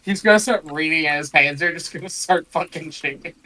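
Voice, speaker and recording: A man's voice: a little high, very animated, normal speed, pushed and bright. A man player at a tabletop game, chatting casually, laughing and stammering with swearing.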